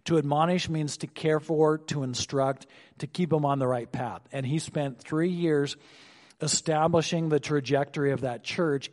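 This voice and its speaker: A male pastor delivers an expository sermon in a slightly mellow voice, slowing down to stress his points and lowering his voice for asides. A long hall reverb surrounds the recording.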